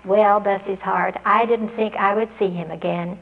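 A woman telling an audience how she taught a student to read. She speaks earnestly and spells out letters and their sounds slowly. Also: mid-range voice, steady tone, gravelly, narrow, tinny audio, a little hiss or hum. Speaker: literacy teacher giving a talk. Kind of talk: storytelling address to an audience.

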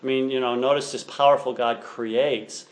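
A man's voice: mid-range voice, steady tone, normal speed. A man teaching a class, reading passages aloud and explaining them with open enthusiasm. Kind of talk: classroom lecture on a text.

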